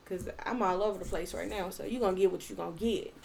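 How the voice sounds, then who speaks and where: A woman's voice: medium pitch, fast talker, creaky, a little mellow, slight background noise. A woman co-hosting a casual podcast, talking frankly and with energy about relationships, sometimes talking over her partner. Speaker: podcast co-host. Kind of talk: casual chat.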